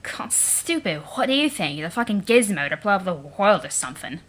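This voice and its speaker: A woman voicing an arrogant, foul-mouthed young male troll prince in a deliberately mangled British accent, vaguely Liverpool or Cockney. He swaggers and sneers, and he swears a lot. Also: mid-range voice, big pitch swings, fairly bright tone. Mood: sneering.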